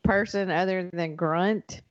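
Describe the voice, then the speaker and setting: Woman, thick Southern accent, podcast co-host, joking asides, lowish voice, dull lo-fi audio. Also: steady tone, slow. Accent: Southern American. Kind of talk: casual chat.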